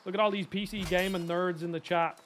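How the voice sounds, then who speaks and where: A man's voice: high voice, fairly even intonation, brisk, fairly bright tone, slight background noise. A man with a North Dublin Irish accent, chatting casually while streaming a game, rambling and joking with lots of "like" and playful mock accents. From Ireland. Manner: rambling and jokey, heavy on "like", slips into mock accents. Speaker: gaming streamer. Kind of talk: casual live-stream chat while gaming.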